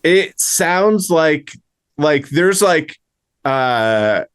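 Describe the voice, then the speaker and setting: A male podcast co-host in relaxed comedy chat, drawing out his words at a slow, unhurried pace. He hesitates often and fills gaps with pauses. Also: a little high, smooth.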